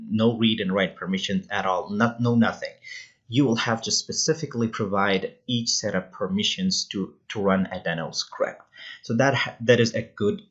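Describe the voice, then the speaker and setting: Husky low-voiced man explaining code. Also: fairly even intonation, normal speed, a bit bright, highs cut off. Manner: unscripted, frequent uh and um fillers, restarts words. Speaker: programming tutorial host. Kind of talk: casual screen tutorial explanation.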